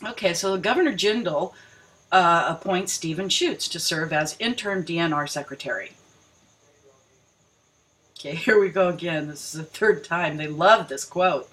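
A woman's voice: lowish voice, normal speed, a bit bright, low-quality recording. A woman reading news articles aloud and breaking off to mock them, rereading lines for emphasis. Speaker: video commentator.

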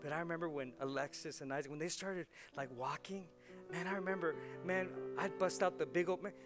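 A man in his forties, a pastor preaching a lively sermon, laughing often and repeating words as he gets worked up. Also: a little high, brisk, over music. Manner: animated, laughing, repeats words when excited.

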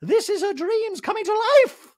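Guy doing a squealy overexcited reality tv lady, super high and loud, dry sound. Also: animated, normal speed, no room sound. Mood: gushing. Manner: breathless, shrill, overeager. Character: gushing high-strung woman reality star.

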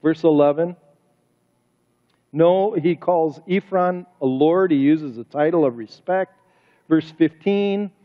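Man, pastor preaching, high voice, emphatic rhetorical questions, church sanctuary, dull lo-fi sound. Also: slow, pauses often. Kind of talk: sermon. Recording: reverberant hall, dull lo-fi sound.

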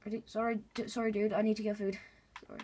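A woman hosts a gaming video, chatting and rambling to viewers while she plays. Her medium-pitched voice is quick, flat, and dark-toned, with a little hiss or hum in the background.

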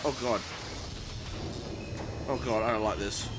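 A man's voice: lowish voice, fairly even intonation, takes it slowly, long pauses. A man hosting a let's play, easily frightened and blurting nervous exclamations as he plays. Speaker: gaming channel host. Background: game music.

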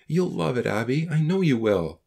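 A man's voice: medium pitch, very animated, normal speed, creaky, a little mellow, voice pushed down. A man voicing an earnest, slightly awkward teenage boy in a storybook reading. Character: earnest teenage boy, newly baptized, eager to encourage.

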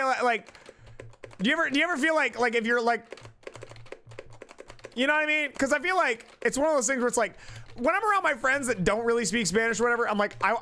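A man with a high, sharp voice streams live, chatting casually. His talk is rambling and profane, constantly cutting itself off and starting over.

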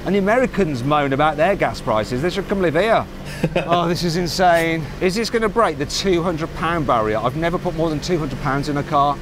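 A man's voice: a little high, fairly quick. A British man giving wry, apologetic running commentary while driving, heard in a played clip. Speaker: driver filming a video. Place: inside a truck on the road. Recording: clip played with road noise.

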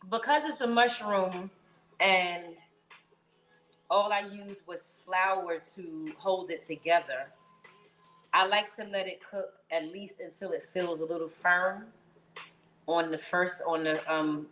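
A woman's voice: fairly low pitch, fairly bright tone, reverberant, a little hiss or hum, rough recording. Playful woman cooking in a kitchen. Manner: playful, sing-song, talks to viewers as y'all. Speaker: cooking vlogger. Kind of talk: casual cooking vlog chat. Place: someone else's home kitchen.

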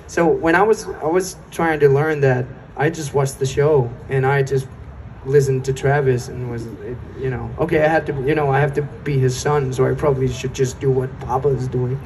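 A man telling a casual story on a convention panel stage, lively and quick to mimic others. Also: mid-range voice, distant mic, a little hiss or hum, low-quality recording. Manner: animated, slips into impressions.

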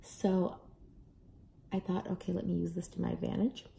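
A young adult mother casually telling a family story to camera, animated, acting out voices now and then. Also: on the low side, normal speed, gravelly, slight background noise. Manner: animated, acts out kids' and own voices. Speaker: parent vlogger.

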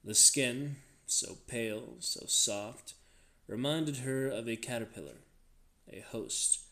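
A man reading a novel aloud, dramatic and expressive, shifting his delivery with the action. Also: medium pitch, slow pace. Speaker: reader.

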